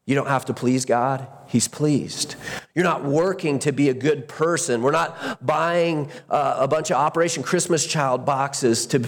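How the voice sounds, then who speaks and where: A man's voice: medium pitch, in a large hall. A man preaching a sermon as pastor, earnest, repeating words for emphasis and often restarting his sentences.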